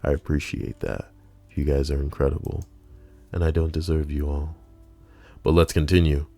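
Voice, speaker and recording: A low-pitched man reads online stories aloud on a home stream and breaks off for wry, joking asides to his chat. His voice sounds dry and close, with little room in it. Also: flat delivery, normal speed, mellow, no room sound, faint music behind. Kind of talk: casual reading with chat asides.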